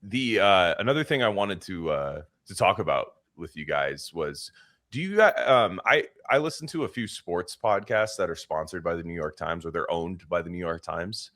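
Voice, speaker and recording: Rambling low-voiced man, crude podcast banter. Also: lively intonation, normal speed, fairly bright tone. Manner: rambling, swears a lot, mocks accents in high put-on voices. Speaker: podcast host.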